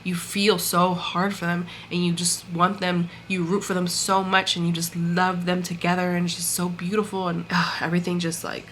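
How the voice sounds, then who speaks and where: Chatty woman gushing about a story, bright edgy voice, kinda low, faint hiss behind. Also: completely flat delivery, normal speed, few pauses. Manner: gushing, chatty, full of fillers and acted-out quotes. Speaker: book reviewer. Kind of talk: casual chat recapping a story.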